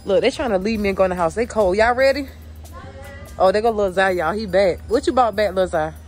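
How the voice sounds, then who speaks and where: Excited woman vlogging in the snow. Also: medium pitch, brisk, soft background music. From Georgia, USA. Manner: excited, chatty, keeps addressing viewers as y'all. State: cold and shivering. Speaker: family vlogger. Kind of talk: casual chat to camera. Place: outdoors in falling snow.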